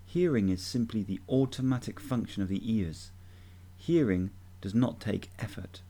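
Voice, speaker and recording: A man giving a measured, deliberate instructional talk as a voice coach. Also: lowish voice, animated, warm tone.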